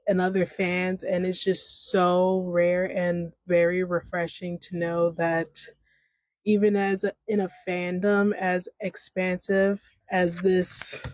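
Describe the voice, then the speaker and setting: A woman in her thirties hosts a podcast, rambling off the cuff in a stream-of-consciousness style with many restarts. Her lowish, darkish voice is flat and slow. She's on a home microphone, and the audio is poor with no room sound.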